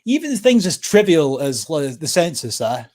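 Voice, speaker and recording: A man's voice: a little high, big pitch swings, moderate pace, darkish tone. Blunt sweary Scottish man. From Scotland. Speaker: co-host of a commentary stream. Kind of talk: casual political commentary chat.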